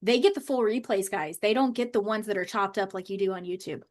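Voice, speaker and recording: A woman's voice: mid-range voice, brisk. A woman coach chatting casually on a live stream from her home office, bubbly and loose, with lots of "like" fillers. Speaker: manifestation coach.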